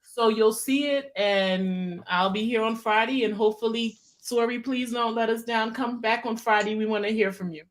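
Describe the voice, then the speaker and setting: A woman's voice: on the high side, fairly even intonation, normal speed. Teary, effusive woman streamer. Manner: emotional, effusive, repeats herself. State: teary from crying. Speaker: channel host. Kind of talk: live stream chat.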